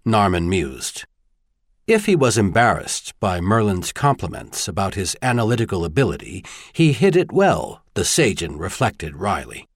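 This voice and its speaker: A man reading an audiobook in expressive scripted narration. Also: low voice, moderate pace, husky, dry recording, studio quality.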